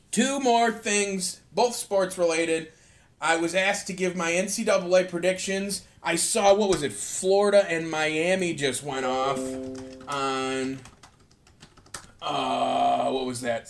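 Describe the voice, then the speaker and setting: A man hosting a solo podcast, talking in a rambling, profane, excitable way, tired out. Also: on the high side. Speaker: podcast host. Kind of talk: casual solo podcast rant.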